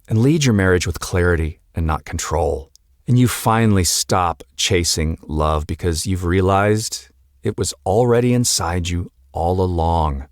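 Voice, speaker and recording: A man hosting his own podcast as a marriage coach, speaking earnestly and deliberately with emphatic pauses. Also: lowish voice, no echo, clean studio sound. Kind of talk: solo podcast monologue.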